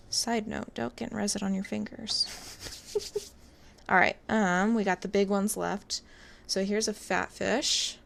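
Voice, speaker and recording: Gravelly-voiced woman chatting while crafting. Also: medium pitch, slight background noise. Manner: relaxed, chatty, talks while working. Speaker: resin artist. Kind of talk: casual crafting narration.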